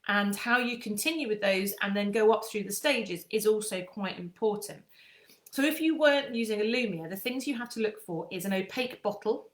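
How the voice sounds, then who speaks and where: A woman chatting casually through a skincare explanation, often pausing on fillers and restarting. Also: medium pitch, roomy sound. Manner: chatty, with frequent ums and restarts. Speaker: skincare aesthetician.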